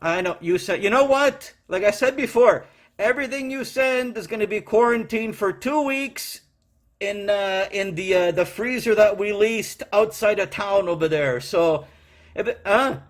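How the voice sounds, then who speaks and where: A man doing a brash, swearing, middle-aged courier clerk, ranting in a high, strained voice. Recorded at home, he complains nonstop and curses his way through calls. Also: moderate pace, lightly acted. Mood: exasperated. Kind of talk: comedy character monologue.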